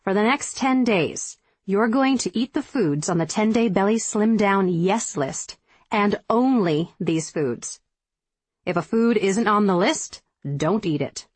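Female author-narrator, emphatic pep-talk read, mid pitch, dry booth sound. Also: expressive, measured pace, slightly rough, no echo. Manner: emphatic, motivational, firm. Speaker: diet book author reading her book. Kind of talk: scripted audiobook narration.

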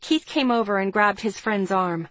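A woman narrates a first-person novel in a steady, plain manner, at a middle pitch for a woman. The sound is dry and close to the mic, with no room around it. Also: normal speed, dry recording. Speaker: audiobook narrator.

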